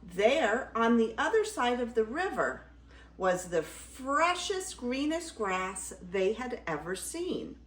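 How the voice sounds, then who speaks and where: Slow, expressive older woman reading a story. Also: a little high. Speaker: grandmother storyteller. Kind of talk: reading a fairy tale aloud. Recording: roomy echo.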